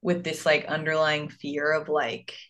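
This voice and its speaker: A woman's voice: low-pitched, completely flat delivery, unhurried, a bit bright. A woman in casual chat, hesitant and full of filler words, laughing easily.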